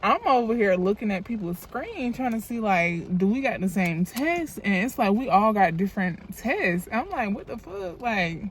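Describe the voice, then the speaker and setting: A woman's voice: medium pitch, sing-song, normal speed, few pauses, a little hiss or hum. A young woman, telling a storytime in a loose, chatty, profane way into a phone camera while doing her makeup. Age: young adult. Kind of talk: casual storytime vlog.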